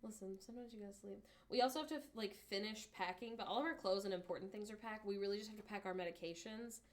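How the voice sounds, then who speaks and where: A woman's voice: medium pitch, fast. A woman co-hosting a casual livestream, rambling along with lots of "um" and "like". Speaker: livestream co-host.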